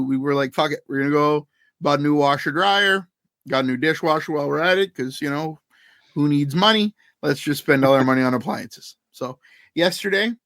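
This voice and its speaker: A man's voice: a little high, no echo, clean studio sound. A man co-hosting a podcast, telling a long story in casual chat, swearing often and acting out what people said. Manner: profane, animated anecdote telling. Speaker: podcast co-host.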